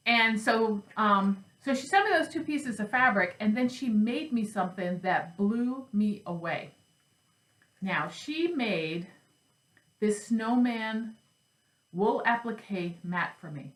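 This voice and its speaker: A woman's voice: mid-range voice, a bit bright, reverberant, low-quality recording. A woman chatting casually at home about her cross stitch and craft supplies, rambling and joking at herself. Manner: chatty, rambling, self-deprecating. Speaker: flosstube host.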